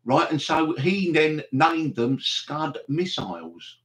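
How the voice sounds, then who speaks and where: A man's voice: fairly high pitch, takes it slowly, a bit bright. A man hosting a live stream, rambling and chatty, with mock exasperation. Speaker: livestream host.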